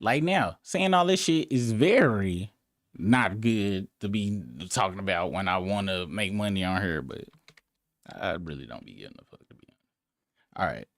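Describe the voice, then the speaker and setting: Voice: sits low, expressive, normal speed, dry recording. A live-stream host in casual, profane, rambling chat, breaking into incredulous outbursts.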